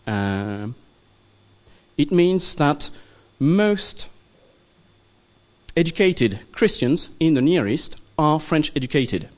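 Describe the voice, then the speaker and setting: A man teaching a church study class in a loose, informal lecture, pausing often with ums and asking "okay?" to check in with the group. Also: a little high, big pitch swings. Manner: hesitant, many ums and checking okays.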